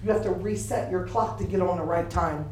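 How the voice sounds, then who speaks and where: An older woman preaching a sermon, telling lively stories with laughter in a preaching cadence. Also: lowish voice, fairly quick, a little hiss or hum. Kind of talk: sermon with storytelling. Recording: echoey room picked up from a distance.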